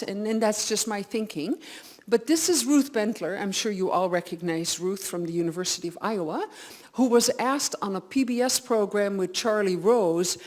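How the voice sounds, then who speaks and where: Energetic, blunt woman audiologist presenting. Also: mid-range voice. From Netherlands. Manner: energetic, blunt and animated, acting out quoted patients. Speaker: audiologist, conference speaker. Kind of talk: presentation to hearing care professionals. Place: lecture hall with a live audience.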